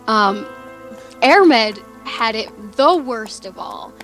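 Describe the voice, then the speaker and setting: A woman's voice: on the high side, expressive, drawn-out words, a bit bright, soft background music. A sleep-deprived young woman casually recapping a tabletop game, laid-back and swearing. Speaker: player giving the recap.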